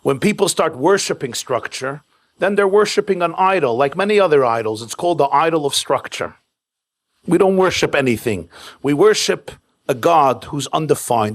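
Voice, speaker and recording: A man, a rabbi, giving a keynote sermon at a home event, mixing jokes with storytelling in short, punchy repeated phrases. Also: a little high. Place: private home event with live audience.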